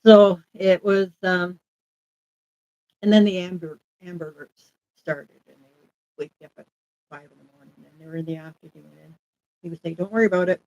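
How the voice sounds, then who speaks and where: A man's voice: sits high, moderate pace, pauses often, highs cut off. A man from Alberta, Canada, telling rambling travel anecdotes in a casual live chat, acting out the people he quotes. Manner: rambling anecdotal storyteller, lively quoted voices. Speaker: guest traveler.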